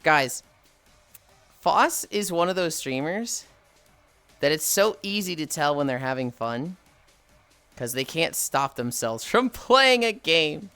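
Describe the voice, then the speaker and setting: A streamer talking straight to chat in a loose, profane, opinionated way, the pitch leaping all over the place. The voice is bright and forward and sits dry and close to the mic, with faint music playing underneath. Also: expressive, slow, long pauses, clean tone, dry recording. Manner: swears freely, reads and answers chat; opinionated, playful ranting. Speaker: livestreamer chatting with viewers.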